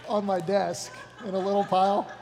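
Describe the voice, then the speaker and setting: A man with a high-pitched voice preaches a sermon in an easy, joking way. He stops to correct himself and talks to the room like friends. The sound rings with the long reverb of a large hall. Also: little pitch movement, normal speed, creaky, darkish tone. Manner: casual, joking, self-correcting. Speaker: pastor. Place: church hall.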